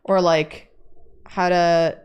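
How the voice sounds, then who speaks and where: A woman's voice: fairly low pitch, little pitch movement, extremely slow, darkish tone, smooth, dull audio. A woman teaching character design in a casual, chatty way, full of "like"s and playful jokes. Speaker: drawing instructor. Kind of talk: casual chat while teaching drawing.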